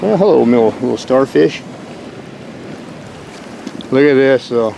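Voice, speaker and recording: A man's voice: medium pitch, expressive, measured pace, creaky, mellow, a little hiss or hum. A man narrating as he films outdoors on a rocky shore, rambling and exclaiming, breaking into whoops now and then. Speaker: vlogger exploring rock formations. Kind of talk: excited narration while filming outdoors.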